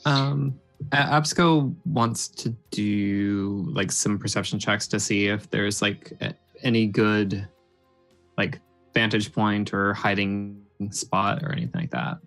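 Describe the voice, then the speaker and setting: Brief: hesitant man at the game table, lower voice. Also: takes it slowly, fairly bright tone, faint music behind. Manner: hesitant, filler-heavy. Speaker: player. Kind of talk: casual play.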